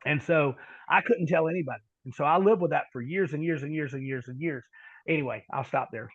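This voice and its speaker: A middle-aged man telling a long personal story on a podcast, halting and repeating words, then dropping into quiet asides. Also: on the high side, no room sound, lo-fi sound. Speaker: podcast guest. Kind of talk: storytelling in conversation.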